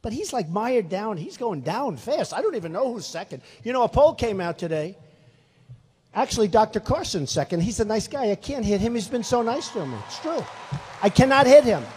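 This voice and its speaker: A man in his sixties, a political candidate, gives a rambling, boastful, repetitive rally speech in a large hall with long reverb. His voice is high-pitched, very animated, a little fast, mellow and slightly rough.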